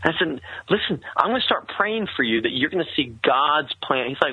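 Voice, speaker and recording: A man telling a personal story in earnest, halting conversational speech with many restarts. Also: on the high side, animated, slightly rough, no room sound. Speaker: guest telling his story. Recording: tinny, phone-like sound.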